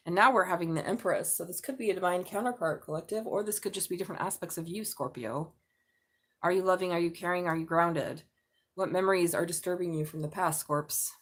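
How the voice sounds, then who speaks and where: A woman reads tarot cards on a live stream from her bed. Her voice sits fairly low but leaps upward whenever she gets excited. She thinks out loud, with many sudden exclamations. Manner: animated, exclaiming, thinking aloud. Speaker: tarot reader. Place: bedroom.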